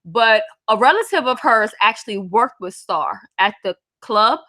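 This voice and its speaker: Woman, livestream host, blunt casual chat, swearing, bright voice, dry sound. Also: a little high, animated, unhurried, dry recording.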